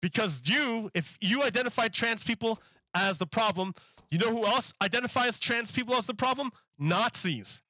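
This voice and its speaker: A man on a gaming livestream with a fairly high, bright and forceful voice. He rambles loosely, stacking "like" between his thoughts. The stream audio sounds dull and lo-fi. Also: lively intonation, moderate pace, no room sound. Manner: rambling, heavy use of "like". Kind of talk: casual livestream chat while gaming.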